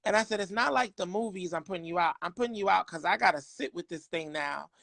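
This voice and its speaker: Gravelly man telling candid stories. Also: high voice, fast talker, dry recording. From New York City. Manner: animated, candid, emphatic storyteller. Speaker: podcast guest. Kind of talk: candid personal storytelling.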